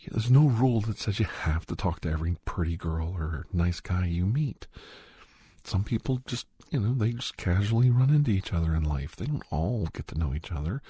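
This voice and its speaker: Husky low-voiced man in whispered role-play. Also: mellow, dry recording. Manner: rambling, coaxing, half-whispered advice.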